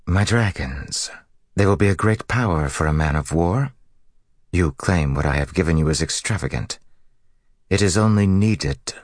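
Male narrator doing a flat, formal, faintly hostile woman for an audiobook, gravelly and dry. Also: low-pitched, moderate pace, dry recording, pitched above the performer's own voice. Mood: flat, cold. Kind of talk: audiobook character voice.

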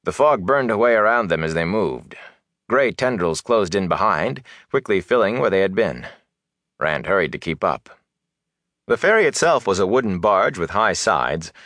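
A man narrates a fantasy novel in a measured, steady manner. His voice sits very low. The recording is dry, with no room sound. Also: no room sound. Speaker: audiobook narrator.

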